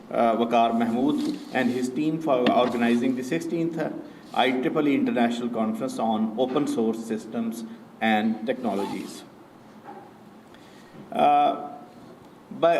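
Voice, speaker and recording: Halting man giving a keynote. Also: mid-range voice, a little mellow, slight background noise. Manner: measured, hesitant, many filler pauses. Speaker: university official and keynote speaker. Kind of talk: formal conference address. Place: conference auditorium. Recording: echoey hall, mic at a distance.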